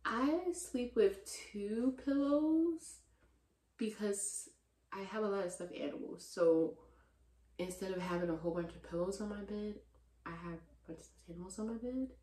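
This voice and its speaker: A woman's voice: lowish voice, a little fast. Chatty young woman in a roomy space. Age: young adult. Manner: chatty, slangy, relaxed. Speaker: vlogger. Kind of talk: casual Q&A chat. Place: room with stuffed animals behind her. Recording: roomy echo.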